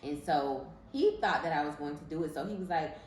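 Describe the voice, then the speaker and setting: A woman's voice: deep voice, fairly quick, a little hiss or hum. A young woman casually telling a personal story as a vlogger, chatty and full of "like" fillers. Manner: chatty, filler-heavy with frequent "like". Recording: roomy echo from some distance.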